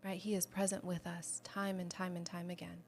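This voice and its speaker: A woman's voice: lowish voice, little pitch movement, normal speed, darkish tone, soft background music. A woman hosting a livestreamed devotional Bible teaching, speaking earnestly and conversationally to her viewers and candidly sharing her own struggles of faith. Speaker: host of a Bible study show.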